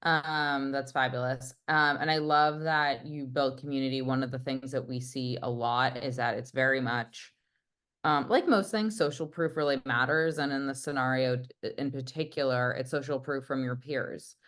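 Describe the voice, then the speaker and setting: A woman's voice: rumbling low, steady tone, moderate pace, fairly bright tone. A woman hosting an interview who speaks casually and often affirms her guest with "yeah.". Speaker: interviewer, host.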